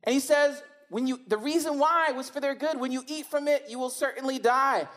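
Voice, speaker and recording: A woman's voice: high voice, brisk. A woman preaching a sermon in a conversational, emphatic way, often asking rhetorical questions.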